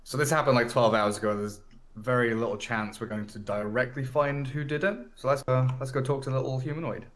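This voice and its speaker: Male player, even mid voice, measured and thoughtful. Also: medium pitch. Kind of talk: casual tabletop play.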